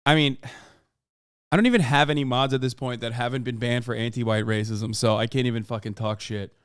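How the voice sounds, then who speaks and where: A man's voice: medium pitch, steady tone, brisk, smooth, dry recording, studio quality. A young man streaming, reacting to clips with sarcastic, profane commentary and bursts of laughter. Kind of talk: casual livestream commentary.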